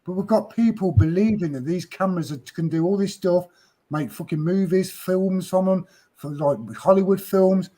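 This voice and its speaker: A man's voice: sits high, moderate pace, warm tone. A man chatting casually on a podcast, blunt and sarcastic, swearing freely. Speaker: podcast host. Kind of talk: casual chat.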